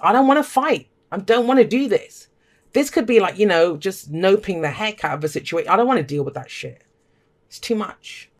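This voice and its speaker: A tarot reader giving a casual, emphatic reading to camera, talking straight to viewers with blunt language and pep-talk encouragement. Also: mid-range voice. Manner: blunt and emphatic, swears freely.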